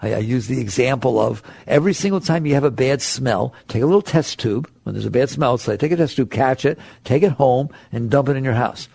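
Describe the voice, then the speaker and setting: A man giving a spiritual talk to an audience, conversational and animated, acting out the voices in people's heads. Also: mid-range voice, brisk, vocal fry, few pauses, no echo. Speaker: spiritual teacher.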